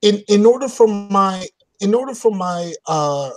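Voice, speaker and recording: A man's voice: high voice, lively intonation, a little slow, darkish tone. A man in casual podcast chat, telling stories emphatically and repeating for effect. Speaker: podcast guest.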